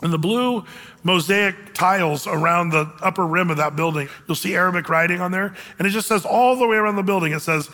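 High-voiced preaching man in a big hall. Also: fairly quick, bright, forceful tone. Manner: emphatic, conversational preaching with acted-out quotes. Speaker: pastor. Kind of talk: sermon.

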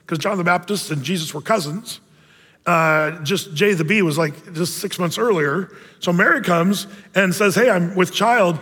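A man's voice: sits high, sharp tone. A male pastor giving a casual, jokey sermon, slipping into playful voices for Bible figures. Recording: long hall reverb.

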